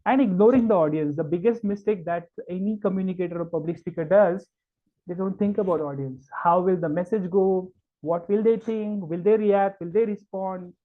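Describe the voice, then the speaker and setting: A high-voiced man from India running a public speaking workshop over a video call. He leans hard on key words and scatters fillers as he goes. The sound is thin and phone-like. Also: normal speed. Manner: emphatic, stretches key words, many fillers. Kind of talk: online workshop lecture. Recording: tinny call-like audio.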